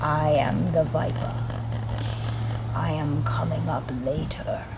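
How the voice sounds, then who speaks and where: A woman's voice: steady tone, vocal fry, heavy background noise, heavily acted. Woman whispering as the Viper, a menacing caller. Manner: slow low whisper. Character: menacing male phone caller monster, the Viper.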